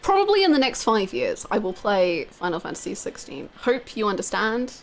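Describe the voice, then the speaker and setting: A woman's voice: medium pitch, very animated, moderate pace, gravelly. Giggly woman chatting over game music. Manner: chatty, laughs often, swears casually, talks to chat. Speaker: live streamer playing a video game. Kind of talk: casual gaming stream chat.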